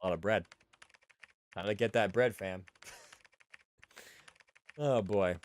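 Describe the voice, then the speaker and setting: Tired-voiced streamer with a laugh. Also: male voice, fairly low pitch, takes it slowly. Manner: laughing, self-mocking asides. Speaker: streamer and voice actor. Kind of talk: casual game commentary and reading.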